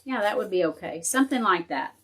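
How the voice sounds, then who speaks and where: A woman's voice: mid-range voice, expressive, a little fast, slightly rough. A woman hosting a casual live crafting tutorial. She thinks aloud as she works and chats with viewers and her dog.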